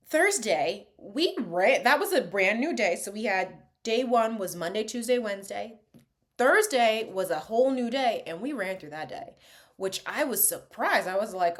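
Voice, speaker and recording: A young adult woman chatting casually in a reaction vlog, animated, laughing often and dropping into quiet asides. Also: mid-range voice, normal speed. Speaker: vlogger reviewing a TV show.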